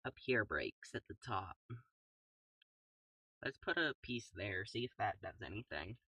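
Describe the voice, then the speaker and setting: Slow, soft-spoken young gamer man. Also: lowish voice, breathy edge, no echo, recorded from a distance. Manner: calm, soft-spoken, playful made-up sound words. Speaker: gaming YouTuber. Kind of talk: casual gameplay commentary.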